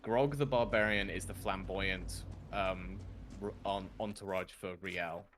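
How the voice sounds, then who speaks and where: Low-voiced man in casual stream chat. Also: fairly even intonation, measured pace, a bit bright, a little hiss or hum.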